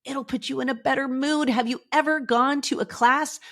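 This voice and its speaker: A middle-aged woman hosting a podcast in an upbeat, motivational way, chatty and animated, often saying "like" and "y'all". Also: high voice, normal speed. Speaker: podcast host.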